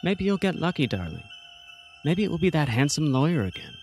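A man's voice: a little high, sing-song, a little fast, darkish tone, soft background music, voice pushed up. A man putting on a cold, coaxing mother. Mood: pushy. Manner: syrupy, coaxing, calls everyone darling. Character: manipulative, cold middle-aged mother, woman.

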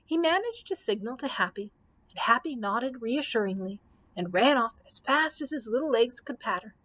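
Expressive woman reading a storybook aloud. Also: a little high, moderate pace. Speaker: librarian.

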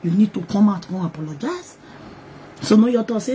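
A woman's voice: mid-range voice, lively intonation, brisk, mellow, a little hiss or hum, rough recording. A woman with a Nigerian accent talking on a live video, pleading and apologizing, switching between English and pidgin. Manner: pleading, mixes English and pidgin with singing chant. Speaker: online gist host.

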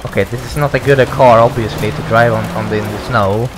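A young man, giving excitable let's play commentary, exclaiming, swearing and rambling. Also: medium pitch, quick pace. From Sweden. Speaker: gaming YouTuber. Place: home gaming setup, no face cam. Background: racing game music and engine sounds.

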